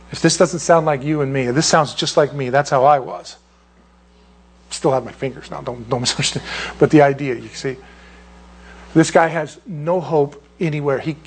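Male pastor, husky, slightly high voice, sermon delivery with mocking character voices. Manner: acts out quoted voices in a high mocking pitch.

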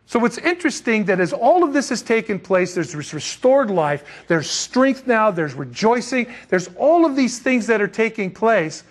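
A man, a pastor, giving a conversational sermon with slangy, lively emphasis. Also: high-pitched.

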